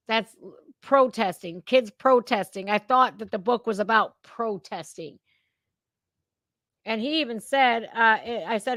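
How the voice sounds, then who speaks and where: A woman's voice: fairly high pitch, measured pace, long pauses, a bit bright, no room sound. Fired-up woman host ranting. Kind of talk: casual reaction talk. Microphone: remote streaming setup.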